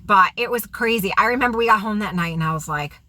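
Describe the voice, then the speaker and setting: A woman vlogger telling a story from her past in a fast, animated, slangy way. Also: medium pitch. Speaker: vlogger, recovery coach. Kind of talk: storytelling vlog.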